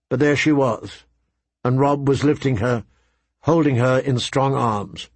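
A man narrating a story in a measured, even audiobook reading. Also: medium pitch, no room sound.

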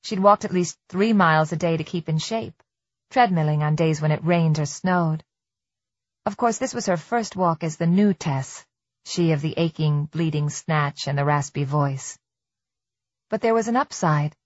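Low-voiced woman narrating an audiobook. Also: no echo. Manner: measured, tense storytelling. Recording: slightly dull dry studio recording.

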